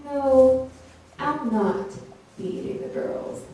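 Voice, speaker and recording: A woman voicing a large looming male bear who speaks in a low, calm, slow way, in an echoey live room with an audience. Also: recorded from a distance, a little hiss or hum.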